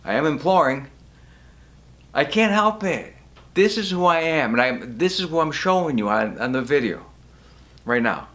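A man's voice: fairly high pitch, sing-song, moderate pace, bright, forceful tone. A man vlogging straight to camera about his podcast, emotional and imploring, raising his voice now and then. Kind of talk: casual direct-to-camera vlog. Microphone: camera facing him.

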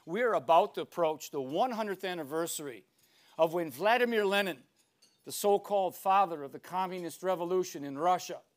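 An older man giving a lecture, emphatic and declamatory, with dramatic pauses between phrases. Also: high-pitched, expressive. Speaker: speaker.

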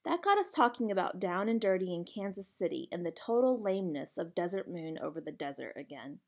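Gravelly woman reading a novel aloud. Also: mid-range voice. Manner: steady first-person narration. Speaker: reader.

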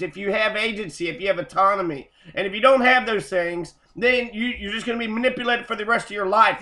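A man's voice: high voice, sharp tone. A man in an angry, profane rant, cursing and repeating himself. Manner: heated, cursing, repetitive. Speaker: host.

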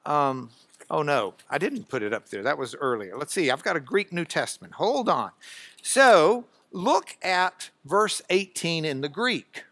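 Bible teacher, man, high lively delivery, slow and bright, booming emphasis on key words. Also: no room sound. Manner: dramatic bursts of loud emphasis while reading scripture; drops to quiet asides when searching notes. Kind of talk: classroom Bible lesson. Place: classroom, recorded for radio.

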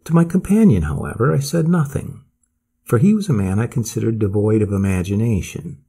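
A man narrating a classic story as an audiobook, measured and expressive, with a husky voice. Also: fairly low pitch.

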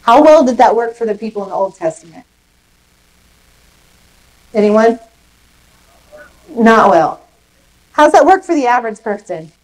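Lively woman preaching a sermon. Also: a little high, poor audio. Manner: lively, emphatic, asks the congregation questions. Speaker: pastor. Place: church service in a rec center.

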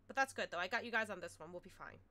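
A woman streamer chatting casually to her viewers through a headset mic, excitable and quick to loudly exclaim and complain. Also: mid-range voice. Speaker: game streamer. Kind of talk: casual live-stream chat.

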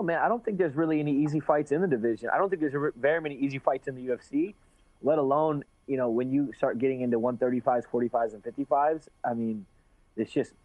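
A man's voice: medium pitch, dry recording. A man rambling through a casual interview, restarting sentences and swearing freely. His voice comes through a tinny, phone-like line. The sound is dry and close. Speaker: guest fighter.

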